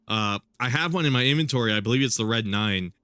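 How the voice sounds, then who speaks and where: A young man with a stuffy nose chats through his game stream. His voice is bright and forward, and the sound is close and dry. He rambles casually, piling on fillers and small restarts. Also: medium pitch, fast talker, smooth, dry recording. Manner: rambling, filler-heavy, with frequent laughs. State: congested. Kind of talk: casual live-stream gameplay commentary.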